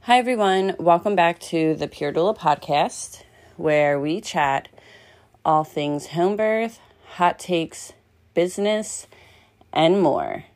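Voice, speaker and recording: A woman's voice: fairly low pitch, lively intonation, slow pace, darkish tone. A young woman hosting a podcast, chatting casually with fillers and light laughs. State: out of breath. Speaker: podcast host.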